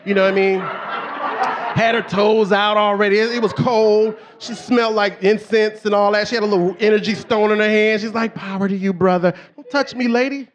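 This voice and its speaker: A man's voice: high voice, normal speed. A middle-aged man performing a stand-up comedy routine on a club stage, telling stories animatedly and acting out the people he quotes. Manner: animated storytelling, acts out quotes with shifting voice.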